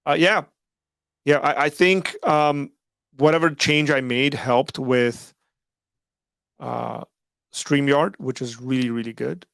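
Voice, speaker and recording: A man's voice: medium pitch, steady tone, slow, creaky, pauses often, a bit bright, no room sound, clean studio sound. A man hosting a live call-in stream, talking casually with lots of "like" and "right?", his voice worn from hours of talking. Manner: rambling, filler-heavy, frequent "like" and "right?". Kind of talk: casual livestream talk.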